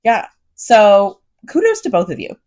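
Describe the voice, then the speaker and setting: A woman's voice: medium pitch, wildly swooping pitch, unhurried, darkish tone. Sardonic woman podcast co-host. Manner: dry, joking sarcasm. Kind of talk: casual chat.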